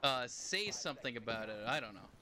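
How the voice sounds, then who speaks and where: A man's voice: mid-range voice, animated, a little fast, background noise. A young man streaming a game, chatting casually in a rambling way and laughing often. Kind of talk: casual live-stream chat while playing.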